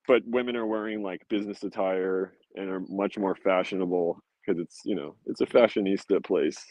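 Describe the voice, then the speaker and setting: Young guy, kinda low voice, super sweary, chill rambling that turns into ranting, dry close sound. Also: fairly even intonation, measured pace, darkish tone, no room sound, rough recording. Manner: profane, laid-back, ranting. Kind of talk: casual rambling monologue.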